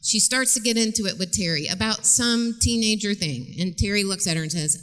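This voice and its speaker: A middle-aged woman gives a chatty, animated talk in a church, telling stories, acting out voices and laughing often. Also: medium pitch, fairly quick, hardly any pauses. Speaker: guest speaker and parenting teacher. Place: church sanctuary stage. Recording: long reverb in a large church.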